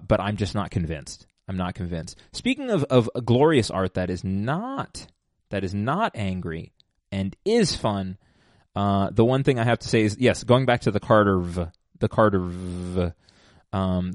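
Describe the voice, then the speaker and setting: A man's voice: lowish voice, animated, unhurried, no echo, studio quality. A man hosting a casual rambling monologue, digressive and self-mocking, with many fillers and restarts. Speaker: podcast host.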